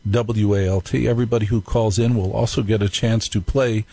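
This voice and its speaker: Husky-voiced playful radio host man. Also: fairly low pitch, steady tone, a little fast, mellow, poor audio. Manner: playful, jokey storytelling. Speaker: radio talk show host. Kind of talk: live call-in radio monologue.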